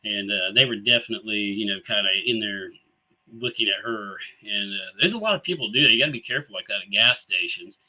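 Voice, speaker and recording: A man talks casually as the host of a live show, pitched a little low. He rambles easily through his stories, full of fillers and light laughs. His voice has a very bright, forceful edge. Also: lively intonation, fast talker, rough recording. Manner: easygoing, rambling with many fillers and chuckles.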